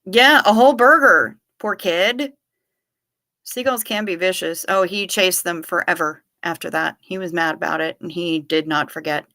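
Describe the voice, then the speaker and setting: A woman's voice: lowish voice, normal speed, sharp tone, dry recording, studio quality. A woman hosting a livestream, telling rambling stories with wry asides and answering her chat casually. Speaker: livestream host.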